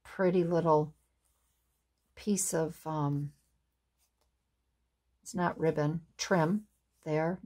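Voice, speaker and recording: A woman crafter doing an unboxing, gushing admiringly and filling pauses with fillers. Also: deep voice, steady tone, a little mellow. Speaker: craft vlogger. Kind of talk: unboxing show-and-tell.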